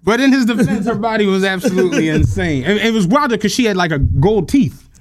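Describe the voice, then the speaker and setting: A young man on a casual podcast tells a wild story with a lively voice that swoops up and down. He swears freely and keeps breaking into laughter. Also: sits high, fast talker, crowd noise. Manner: animated, profane storyteller who laughs through his stories. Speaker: podcast co-host.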